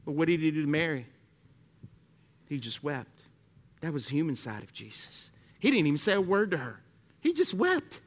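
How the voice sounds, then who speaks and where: A male pastor with a Southern US accent preaching a sermon, swinging from loud, animated preaching to hushed prayer. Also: a little high, moderate pace, long pauses.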